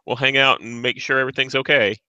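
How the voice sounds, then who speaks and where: Man playing a calm, bright-toned security lead on the radio, reassuring and steady. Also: mid-range voice, quick pace, clean tone, dry recording, muffled recording.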